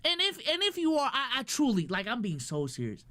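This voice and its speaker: A woman's voice: a little high, wildly swooping pitch, brisk, bright, forceful tone, no echo. A woman streamer reacting to clips live, incredulous and firing off rhetorical questions at her chat. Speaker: streamer host.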